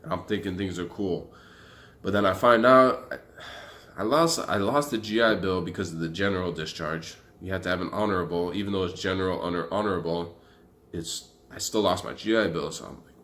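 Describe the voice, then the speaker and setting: A young man telling his story to camera in a casual, profane, rambling way. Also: low voice. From Arizona. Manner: profane, animated, loose and rambling. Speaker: vlogger.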